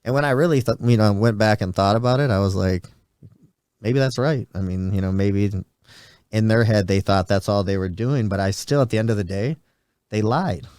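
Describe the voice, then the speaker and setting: Briskly paced and on the low side, his darkish voice sounds smooth, with studio quality and no echo. He's a podcast host in his forties, rambling casually through a story and doing voices for the people he quotes.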